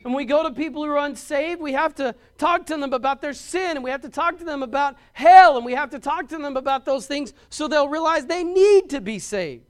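A middle-aged pastor preaches in an emphatic, driving style. He repeats words as he builds his points and rises to loud stresses. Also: extremely high pitch, a little fast, hardly any pauses. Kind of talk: sermon.

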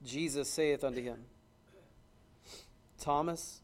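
A man delivers a sermon during a church service, quoting scripture in old King James phrasing. He swings between loud, rapid exclamations and low, hushed emphasis.

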